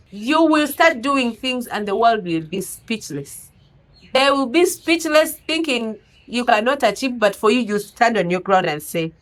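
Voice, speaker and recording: A woman's voice: on the high side, animated, moderate pace, low-quality recording. A woman with a non-native English accent giving an earnest, exhorting motivational sermon full of rhetorical questions. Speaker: preacher.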